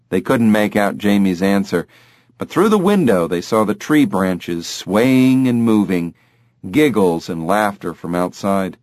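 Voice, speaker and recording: A man's voice: fairly low pitch, animated, unhurried, darkish tone, no room sound, clean studio sound. A man reading an audiobook in a scripted narration style.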